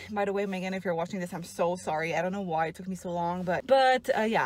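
A young woman speaking, talking casually to her viewers as a book vlogger. Her speech is loose and chatty, full of "like" and little restarts. Her voice sits at an ordinary pitch for a woman. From Quebec, Canada. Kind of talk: casual vlog chat.

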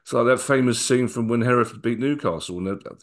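A man's voice: mid-range voice, a little fast. A middle-aged man, a guest on an interview podcast, recalling old memories in a rambling way with many restarts. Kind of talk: casual storytelling interview.

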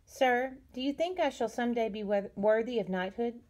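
Earnest humble young squire-to-be, read by a woman storyteller, soft mellow tone. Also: fairly high pitch, normal speed, close to an everyday voice. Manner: earnest, respectful. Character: humble brave young kitchen boy.

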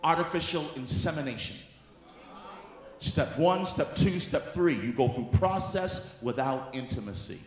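A male apostle preaching a sermon, moving from soft teaching into shouted exhortation. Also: fairly high pitch, lively intonation, a little slow. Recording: echoey hall with faint room noise.

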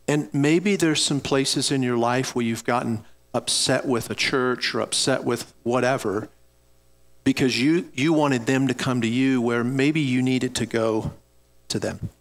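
A man's voice: medium pitch, unhurried. A middle-aged man preaching a sermon, telling a personal story in an earnest way and speaking directly to his congregation. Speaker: pastor.

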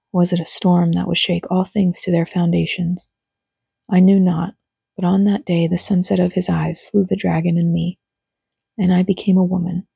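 A reader gives a slow, hushed, solemn reading of a first-person monologue. The voice is dark, gravelly and breathy, with a level, narrow melody. The recording is close and dry. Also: mid-range voice, no echo. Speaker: audiobook reader.

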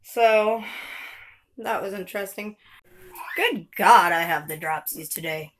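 A woman's voice: mid-range voice, slow pace, fairly bright tone, a little hiss or hum. Woman vlogger at home, casual rambling chat to camera, mid-range voice, laughs lightly. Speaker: vlogger and mother.

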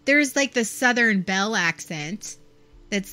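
A woman with a mid-range voice co-hosts a podcast, chatting casually. She's animated and laughs readily.

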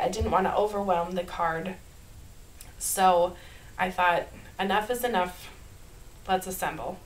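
A woman's voice: mid-range voice, poor audio. Chatty Minnesotan woman teaching crafts. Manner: chatty and upbeat, laughs softly at herself. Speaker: card-making channel host. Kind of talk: casual craft tutorial voice-over.

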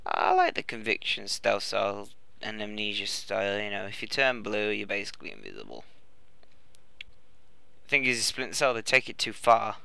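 A man giving casual let's play commentary. He swings between profane, excitable outbursts and rambling, offhand asides. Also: lowish voice, normal speed, gravelly, clear, resonant tone, no echo. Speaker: gameplay commentator.

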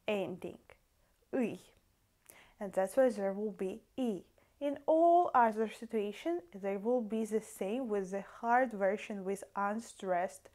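A woman with a Russian accent gives a language lesson in a fairly high voice. She talks at an unhurried, deliberate pace and calls her viewers dear friends. She stops often to sound out word endings one by one. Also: a little mellow. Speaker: language teacher.

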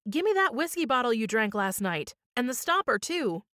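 A woman's voice: on the high side, sing-song, normal speed, fairly bright tone, dry recording, clean studio sound. A woman playing Christie, an earnest lad. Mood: urgent. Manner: pleading, urgent. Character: earnest young Irish lad.

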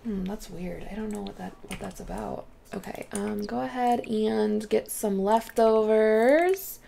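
Slow-talking woman with a gravelly voice. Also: medium pitch, warm tone, a little hiss or hum. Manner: chatty, exclaims and talks to her game characters. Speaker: let's play host. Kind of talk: casual gameplay commentary.

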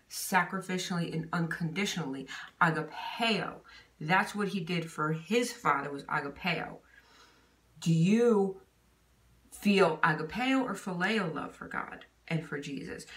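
In an informal Bible lesson, a woman with a fairly low, fairly bright voice talks casually, often saying "you know" and "okay?". The distant mic catches her set back in an echoey room.

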